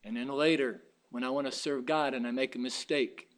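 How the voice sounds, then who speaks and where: A man's voice: medium pitch, steady tone, brisk. A man preaching a sermon in a fervent, folksy way, weaving in personal stories.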